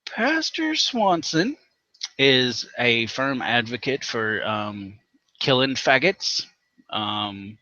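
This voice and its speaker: A man's voice: mid-range voice, very animated, very slow, pushed and bright, dry recording, muffled recording. A man hosting a weekly rant show, talking in a heated, emphatic, profane way. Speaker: host.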